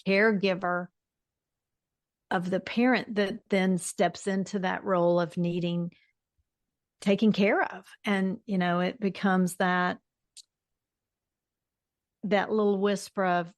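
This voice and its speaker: A woman co-hosting a casual spiritual podcast, agreeing and adding remarks in an unhurried way. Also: medium pitch, steady tone, no room sound. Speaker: podcast co-host.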